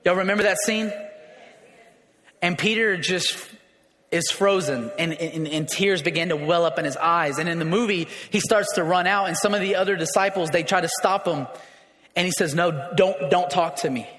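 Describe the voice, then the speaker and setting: A man preaching a sermon in a conversational way, often restarting and asking the crowd questions, rising louder for emphasis. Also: high-pitched, normal speed. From raised in a city. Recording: long hall reverb.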